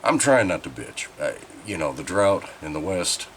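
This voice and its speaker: A man's voice: low voice, very animated, moderate pace, slight background noise. A man hosting his own channel, giving a rambling, candid update in a congested, nasal voice while he recovers from a sinus infection. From Southern Oregon. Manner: rambling, chatty and candid, with mild swearing. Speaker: channel host. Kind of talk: casual vlog update.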